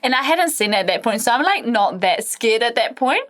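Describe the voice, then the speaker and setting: A woman from France who co-hosts a casual podcast. Her fairly high voice swings widely in pitch, and she tells stories with lots of laughter and the odd swear word. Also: moderate pace. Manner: animated storyteller, laughs often, swears casually. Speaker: podcast co-host. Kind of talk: casual chat.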